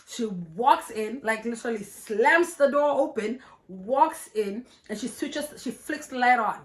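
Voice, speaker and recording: A young woman vlogger telling a personal story in an animated, profane, laughing way. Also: a little high, moderate pace, hardly any pauses. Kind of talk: storytime vlog.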